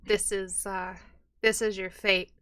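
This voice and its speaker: A woman voicing a mysterious, calm and ominous male spider-like being in a tabletop game. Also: mid-range voice, slow pace, no echo.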